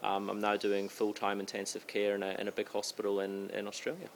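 A man's voice: lowish voice, monotone, slight background noise. A man with a light, watered-down Scottish accent, an intensive care doctor talking thoughtfully in an interview. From Scotland. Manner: thoughtful, measured, hedging. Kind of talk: conversational interview.

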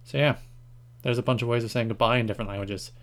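A man's voice: mid-range voice, steady tone, quick pace. A man from Ireland hosting a casual solo podcast, joking at himself and stumbling through foreign words. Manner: self-deprecating, stumbles over foreign words with laughs. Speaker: podcast host.

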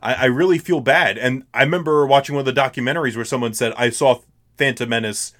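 A man's voice: mid-range voice, fast talker, a bit bright. A young man co-hosting a podcast, chatting casually and laughing often. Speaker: podcast co-host. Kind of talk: casual chat.

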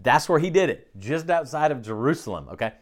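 A man's voice: fairly high pitch, very animated, a little fast. A man preaching a conversational sermon, often checking in with the listeners by asking "okay?". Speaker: pastor.

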